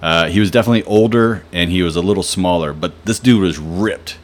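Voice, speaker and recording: A man's voice: deep voice, fairly quick. A young man telling rambling, profane stories in a casual podcast, with lots of fillers. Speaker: podcast host. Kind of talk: casual storytelling.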